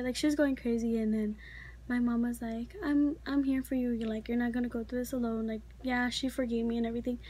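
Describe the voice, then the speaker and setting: A woman's voice: fairly high pitch, fairly even intonation, fast talker, a little mellow. A teenage girl casually telling a story, chatty and full of fillers. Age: teens. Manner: chatty, filler-heavy, many likes. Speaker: vlogger.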